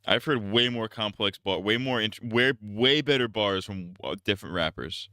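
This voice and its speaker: A male streamer delivers a casual, profane, blunt rant, frequently starting sentences over. Captured close on a dry streaming mic with no room sound, his low voice is clean, clear and resonant, pushed and bright, at normal speed.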